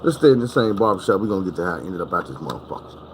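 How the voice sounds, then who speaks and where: A man telling a comic story, casual and animated, full of profane slang, jumping up high to reenact other people. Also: very fast, a little hiss or hum, low-quality recording.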